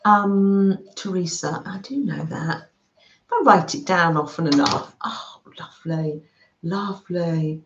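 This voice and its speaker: A British woman hosting a live craft stream, warmly welcoming viewers by name and chatting as she works. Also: lowish voice, takes it slowly, echoey room, highs cut off, a little hiss or hum. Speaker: craft livestream host.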